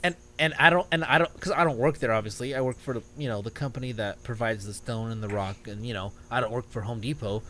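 A man's voice: medium pitch, fast, few pauses, slight background noise. A man on a podcast, telling a story in casual chat and laughing at himself as he goes. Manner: animated storyteller, laughs at his own stories. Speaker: podcast co-host.

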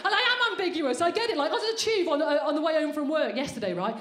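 A woman's voice: sits high, lively intonation, very fast, background noise. A woman doing a brash, sweary, self-mocking stand-up set on a comedy club stage. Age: 40s. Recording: roomy live venue sound.

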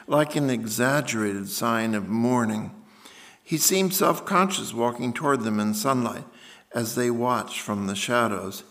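An author reads his own literary fiction aloud at a museum event space, measured and deliberate as he takes his time over the prose. His pitch sits in the middle of the male range, and his tone is fairly bright.

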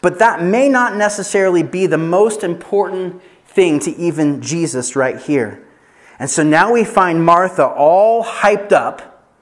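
High-voiced, animated male pastor. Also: measured pace. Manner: animated storytelling with laughter and self-deprecating asides. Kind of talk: sermon at an evangelism training.

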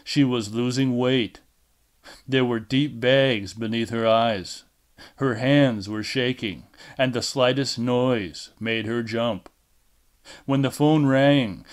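A man reading a fan-made audiobook in a measured, deliberate way. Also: mid-range voice. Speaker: audiobook reader. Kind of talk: amateur audiobook narration.

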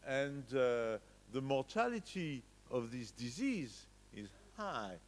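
A man with a French accent and French as his first language, giving a conference lecture with frequent pauses and restarts. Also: medium pitch, sing-song, low-quality recording. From France. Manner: hesitant, frequent filler sounds and restarts. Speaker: medical lecturer. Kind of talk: conference presentation. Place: conference hall.

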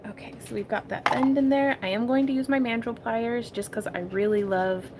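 A woman's voice: on the high side, fairly even intonation, normal speed, noisy background. Chatty woman hosting a craft livestream. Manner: chatty, giggly, talks to viewers as y'all. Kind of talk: casual crafting tutorial livestream.

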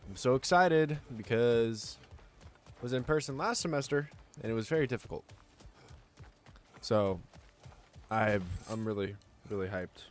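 A young man livestreaming a game, chatting casually with his viewers, excitable and swearing freely. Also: medium pitch, moderate pace, faint music behind. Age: young adult. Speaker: gaming livestreamer. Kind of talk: casual live-stream chat.

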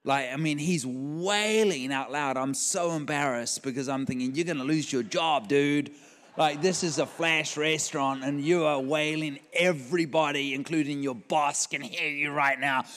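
A man's voice: fairly high pitch, moderate pace, hardly any pauses, a bit bright. A man preaching a storytelling sermon at a church event, acting out the dialogue of the people in his story. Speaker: guest preacher. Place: large church hall. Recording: long hall reverb.

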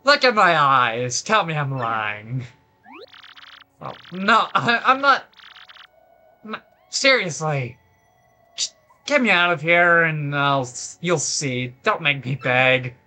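A gamer voicing a boastful cursed treasure chest that pleads to be let out, then gloats with theatrical shouts, while reading game dialogue. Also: medium pitch, lively intonation, slow, pauses often, soft background music, pitched below the performer's own voice, heavily acted. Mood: pleading. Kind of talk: let's play dialogue reading.

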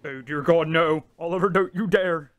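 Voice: mid-range voice, moderate pace, voice pushed down, close to an everyday voice. Someone voicing an exasperated toy engine. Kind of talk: fan dub of toy trains.

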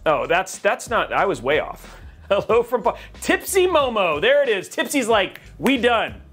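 A man's voice: sits high, huge pitch swings, moderate pace, a bit bright, faint music behind. A man from California hosting a PC-building livestream, rambling and joking as he reads out chat. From California, USA.

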